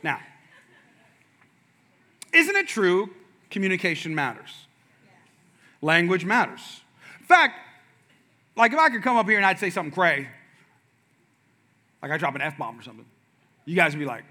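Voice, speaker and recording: Delivering a storytelling sermon, a middle-aged pastor addresses his congregation directly with animated humor. His voice sits high, and he speaks briskly, broken up by long pauses.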